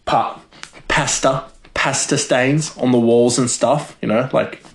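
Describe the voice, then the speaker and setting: A man's voice: mid-range voice, steady tone, takes it slowly. Rambling, laughing man riffing casually. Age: adult. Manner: rambling, many fillers, laughs at own jokes. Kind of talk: rambling comedic monologue.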